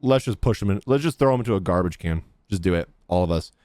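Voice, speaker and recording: Brief: young male streamer, deep, expressive, dry close mic, sarcastic running commentary. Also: fast, dry recording. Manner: sarcastic, heckling the screen. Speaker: game streamer. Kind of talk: reacting to gameplay.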